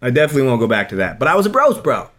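A man's voice: medium pitch, big pitch swings, racing, fairly bright tone. A man in his thirties co-hosting a podcast, talking in a rambling, emotional way with many restarts. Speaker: radio host, podcast co-host. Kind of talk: casual podcast chat.

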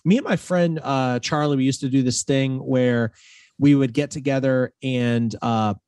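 A man's voice: medium pitch, unhurried, clean tone, no echo. A man in his thirties tells a story on a podcast, jumping into little acted voices as he goes. His voice sits in an ordinary middle register, and he sounds a little distant from the microphone in a dry, close space. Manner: animated storyteller, acts out quotes. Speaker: podcast guest. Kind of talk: casual chat.

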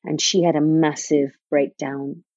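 Husky low-voiced woman, candid storyteller. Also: level tone, measured pace, darkish tone, no room sound. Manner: candid, retells scenes by quoting others. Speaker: guest, parent of a child with type 1 diabetes. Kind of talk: emotional personal storytelling. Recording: dull lo-fi recording.

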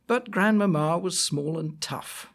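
A man reading a rhyming story aloud, slow and expressive. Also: on the high side, gravelly. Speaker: reader.

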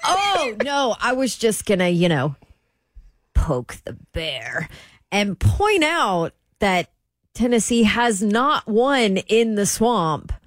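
Female sports radio co-host, playful teasing, slow and expressive. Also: mid-range voice, dry recording, studio quality. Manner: teasing, giggly. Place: radio studio.

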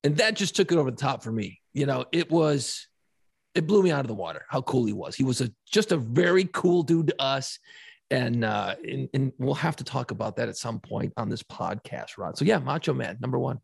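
A man co-hosting a podcast, a lively storyteller who laughs often and swears freely in casual chat. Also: mid-range voice, a little fast, gravelly, husky, dry recording, studio quality. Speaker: podcast co-host.

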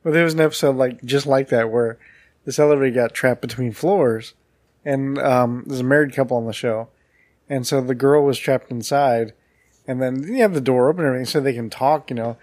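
A man's voice: medium pitch, a little fast, a little mellow, no echo. A man co-hosting a podcast, chatting casually and laughing often. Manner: laughs often, retells scenes. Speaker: podcast co-host. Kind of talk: casual chat.

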